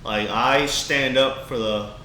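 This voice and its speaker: A man's voice: medium pitch, slow pace, bright, forceful tone. A young man co-hosting a podcast, telling a heartfelt story in a rambling way, full of restarts. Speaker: podcast co-host. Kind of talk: casual podcast chat. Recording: echoey room, faint background hiss.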